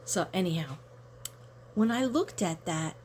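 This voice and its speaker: A woman's voice: lowish voice, lively intonation, measured pace, a little mellow. A woman card reader chatting casually to camera, rambling through a story and talking to her viewers directly.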